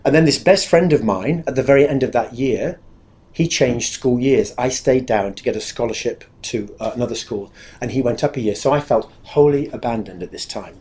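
A man's voice: mid-range voice, normal speed, a little mellow. A man giving a candid, confessional spoken testimony about his own life, speaking earnestly and acting out remembered dialogue.

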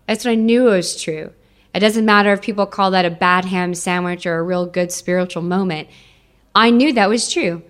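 A young adult woman giving an emotional personal testimony to an audience, repeating phrases for emphasis. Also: mid-range voice.

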